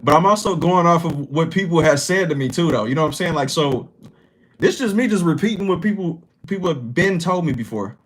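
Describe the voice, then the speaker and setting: A man's voice: a little high, lively intonation, fairly quick, fairly bright tone, rough recording. A man hosting a livestream, chatting loosely and profanely while reacting to his chat. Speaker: livestream host. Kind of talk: casual chat with stream chat.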